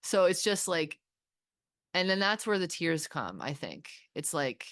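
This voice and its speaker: A woman hosting a podcast, talking candidly and swearing freely, with halting restarts. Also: sits low, sing-song, fairly bright tone, no echo, clean studio sound. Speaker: podcast host. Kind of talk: candid therapy-style conversation.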